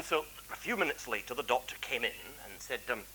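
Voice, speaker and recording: A clergyman lecturing in an animated, wide-ranging voice, chatty and self-deprecating with frequent asides. His tone is bright and a little husky. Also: medium pitch, a little fast, hardly any pauses, poor audio. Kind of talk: anecdotal public lecture.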